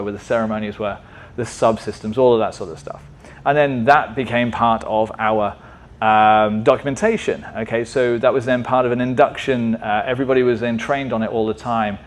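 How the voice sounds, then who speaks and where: Male conference speaker, conversational presenter, often checks in with the audience, medium pitch. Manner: conversational, asks frequent "right?" checks. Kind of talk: tech meetup presentation.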